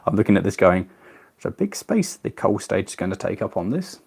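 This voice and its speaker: A man's voice: on the low side, very animated, a little fast, creaky, darkish tone, husky. A man from England hosting a casual live stream, chatting and reading out viewer comments while building a model railway. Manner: chatty, reads viewer comments aloud, self-deprecating.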